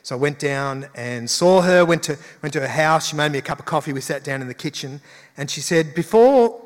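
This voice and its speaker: A man's voice: a little high, fairly even intonation, a little fast. A male pastor giving a conversational sermon with emphatic rises. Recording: long hall reverb.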